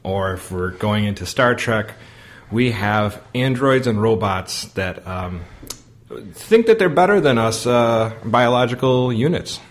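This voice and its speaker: A man's voice: fairly low pitch, expressive, measured pace. A man co-hosting a podcast in casual chat, rambling with lots of fillers and ready laughs. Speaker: podcast co-host.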